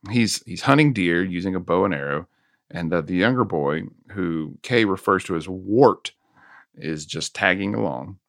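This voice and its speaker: Low gravelly man recapping a film. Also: normal speed, no room sound, clean studio sound. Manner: relaxed recapping with fillers and laughs. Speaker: podcast host.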